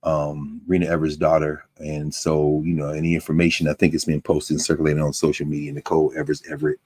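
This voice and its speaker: A man lecturing to a university class, talking in a lively, conversational way with frequent asides to his students. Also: very deep voice, fast, husky, dry recording. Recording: dry close sound.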